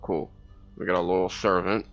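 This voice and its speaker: A man's voice: deep voice, animated, slow, gravelly, fairly bright tone, dull audio, faint music behind. A man casually commenting on a strategy game as he plays, thinking aloud and reading game text, with hiccups now and then. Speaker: gameplay commentator. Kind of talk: casual let's-play commentary.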